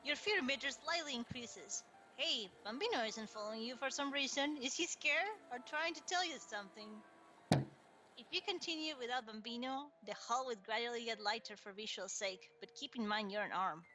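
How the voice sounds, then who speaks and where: A young woman reading an interactive story aloud, playful and quick to swear. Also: on the high side, sharp tone, faint music behind. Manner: playful, swears, laughs often.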